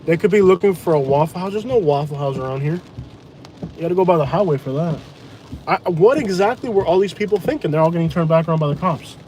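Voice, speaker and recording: Blunt, excitable male storm vlogger with a high voice, riding in a truck with rain faintly behind him. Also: fast. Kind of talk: live storm commentary. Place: inside a truck during a hurricane. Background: rain and wind.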